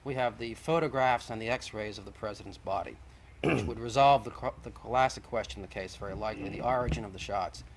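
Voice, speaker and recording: A man's voice: lowish voice, a little fast, a crowd in the background, rough recording. A man, the guest in a televised debate, arguing insistently and methodically, point by point.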